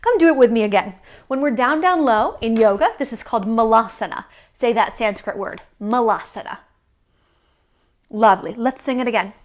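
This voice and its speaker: A woman teaching a yoga class to young children, gentle and encouraging as she leads the poses. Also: a little high, normal speed.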